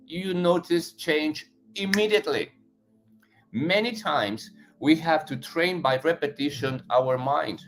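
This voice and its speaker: A man leading a self-healing practice, giving gentle, unhurried, encouraging instructions with faint music behind him. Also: mid-range voice. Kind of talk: guided mantra and tapping practice.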